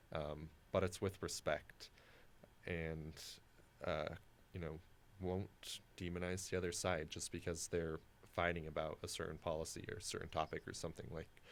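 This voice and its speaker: A young man co-hosting a casual discussion podcast, his voice very deep and low. He thinks aloud in a halting way, filling gaps with "um" and "you know". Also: a bit bright. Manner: thoughtful, halting, with many "um"s. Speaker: co-host.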